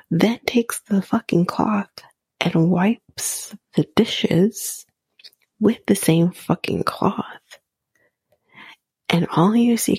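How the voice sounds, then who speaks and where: A woman hosting a podcast, recapping a reality show in blunt, profane, animated casual chat, often half-whispering. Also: mid-range voice, creaky, husky, dry recording, clean studio sound.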